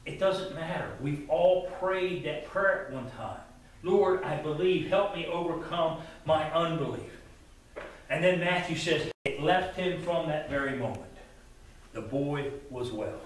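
A man's voice: a little high, unhurried, a little hiss or hum. A man preaching a sermon as a pastor, earnest, often repeating words as he stresses a point, in a church sanctuary. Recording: distant mic in a very echoey church hall.

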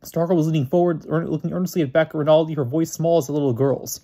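A man reads a novel aloud in a plain, unpolished way. His voice sits a little higher than most men's. He often trips over words and goes back to restart them. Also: steady tone, fast, warm tone. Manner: plain reading with frequent slips and restarts. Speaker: reader.

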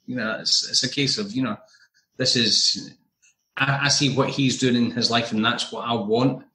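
A man sharing in a casual recovery group discussion, earnest and halting with frequent restarts. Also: mid-range voice, steady tone, sharp tone, slight background noise, poor audio. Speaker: group member.

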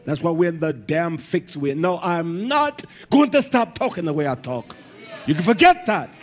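A man preaching a fiery sermon, emphatic and blunt, often shouting and filling pauses with "uh". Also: very high-pitched. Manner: fills pauses with "uh" and repeated words.

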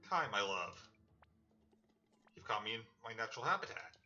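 A man's voice: fairly low pitch, big pitch swings, normal speed, pushed and bright, full character voice. A man voicing a cheerful, affectionate woman who cooks at a bar, chatting away fondly. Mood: warm chatter. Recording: slightly muffled with game music.

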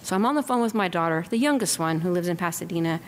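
A woman's voice: on the low side, fast talker. Middle-aged woman telling stories in a hall. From Southern California. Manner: lively, acts out quotes with whispers. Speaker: author giving a talk. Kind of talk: anecdotal storytelling to an audience. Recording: lecture hall with long reverb, faint noise.

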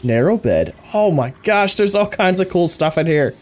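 A man giving excitable let's play commentary, thinking aloud and gasping at each new find. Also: high voice, normal speed. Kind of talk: gameplay commentary.

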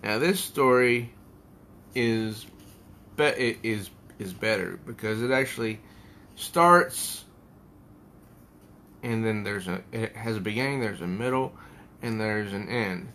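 A man's voice: fairly low pitch, slow, pauses often, pushed and bright. A man giving a casual comic book review at home, rambling and thinking aloud as he pages through an issue.

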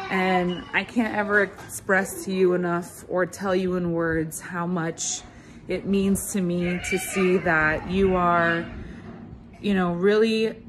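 A woman's voice: lowish voice, background noise. Tearful, tender mother. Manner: tender and tearful, fighting back tears. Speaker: mother giving a graduation message. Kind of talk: heartfelt recorded message.

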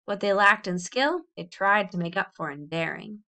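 A woman reading a children's novel aloud in a clear, expressive storytelling voice. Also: mid-range voice, normal speed. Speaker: audiobook reader.

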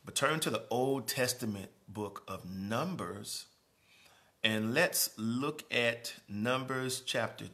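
A man preaching a sermon as pastor in a church, moving from quiet, conversational speaking to raised, emphatic preaching. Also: mid-range voice. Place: church sanctuary.

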